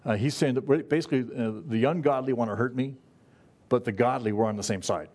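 A man giving a conversational sermon to his congregation. His delivery is folksy and halting, with frequent fillers, restarts and asides. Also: medium pitch, a little mellow. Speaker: pastor. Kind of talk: conversational Bible-study sermon.

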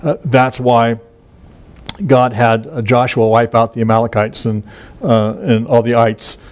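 A middle-aged man, a pastor, walks listeners through a passage of scripture in a loose, conversational way. He often stops and restarts his sentences and leans on fillers, then slows into a steadier cadence when he reads the verses aloud. His voice sits at an ordinary male pitch. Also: flat delivery. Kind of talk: informal Bible teaching.

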